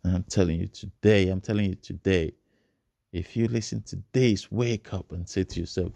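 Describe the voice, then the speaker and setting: A man's voice: deep voice, steady tone, moderate pace, creaky, dark tone, no echo. A man giving a motivational speech, emphatic and repeating his phrases for effect. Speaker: motivational speaker.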